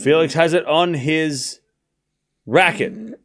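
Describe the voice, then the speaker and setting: On a live stream, this man watches tennis along with viewers, narrating points play-by-play and teasing chat with sarcasm. His voice is a little high and he takes his time, veering from quiet score mutterings to loud calls.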